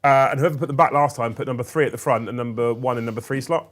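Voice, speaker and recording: Male stream host, quick and practical, casual swearing. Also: mid-range voice. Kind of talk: casual live-stream chat.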